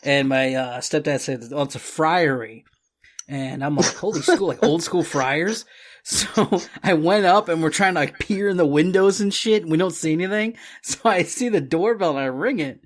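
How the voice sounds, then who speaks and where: A man's voice: fairly high pitch, moderate pace. Laughing, swearing man telling a story. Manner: laughs often, swears freely, rambling anecdotes. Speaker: podcast host. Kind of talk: casual storytelling chat.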